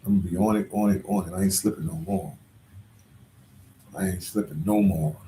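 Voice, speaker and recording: A man's voice: deep voice, steady tone, fairly quick, warm tone, reverberant, a little hiss or hum. A man talking to viewers on a casual live stream, slangy and rambling. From Philadelphia. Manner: slangy and rambling, full of "like" and "you know". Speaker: travel vlogger on a live stream.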